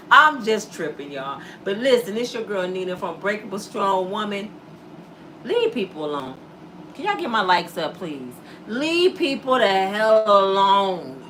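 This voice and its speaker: A woman YouTuber giving blunt, animated commentary to her viewers and acting out the voices of people she quotes. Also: mid-range voice, far from the mic, a little hiss or hum. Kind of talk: casual commentary to camera.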